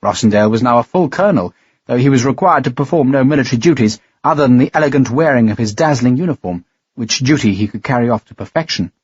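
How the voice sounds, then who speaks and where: Husky-voiced man narrating an audiobook. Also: mid-range voice, expressive, fast, a little mellow, no echo, muffled recording. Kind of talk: scripted narration.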